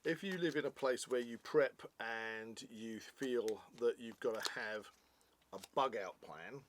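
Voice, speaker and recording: A man's voice: medium pitch, measured pace, noisy background. Chatty man reviewing snacks. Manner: chatty, jokey, explains at length. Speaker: product reviewer, co-host. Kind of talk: casual review chat.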